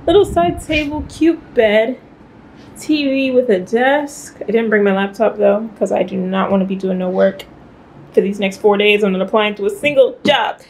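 A woman's voice: mid-range voice, moderate pace, a little hiss or hum, poor audio. A young woman vlogging casually as she shows off her hotel room, chatty and playful. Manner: chatty and animated, playful asides. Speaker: travel vlogger. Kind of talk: casual vlog chat.

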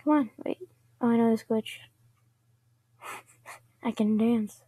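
A woman giving casual commentary over her own gameplay, chatting to herself and often dropping into quiet whispers. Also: fairly high pitch, steady tone, slow, husky, no room sound.

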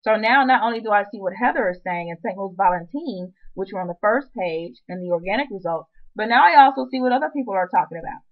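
A woman's voice: medium pitch, animated, quick pace, few pauses, phone-quality sound. A woman presenting a screen-recorded web marketing tutorial, chatty and upbeat with playful asides.

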